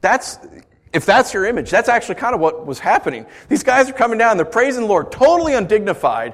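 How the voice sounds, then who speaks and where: A man delivers a sermon in a relaxed, talkative way, breaking off for playful asides to his listeners. His voice sits slightly high and moves through a wide, expressive pitch range. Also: fairly quick. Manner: animated, conversational, playful asides. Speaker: pastor.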